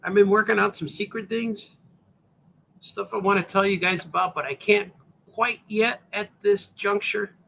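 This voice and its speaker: This cartoonist's high, creaky voice comes across pushed and bright, with slight background noise, as he shows comic pages on a livestream. He's laid-back and rambling, with "hey, man" cropping up often.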